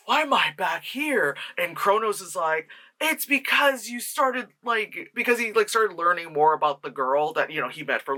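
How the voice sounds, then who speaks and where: A reviewer from the New York tri-state area rambles through a film plot with a bright, sharp-edged voice. The delivery is loose and profane, full of quick mock voices for the characters. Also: medium pitch. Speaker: movie reviewer.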